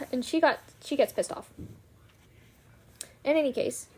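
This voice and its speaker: Woman retelling a book plot, chatty, lots of like and swearing, kinda high voice. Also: lively intonation, normal speed, long pauses, darkish tone, a little hiss or hum. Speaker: book vlogger. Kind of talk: casual book recap.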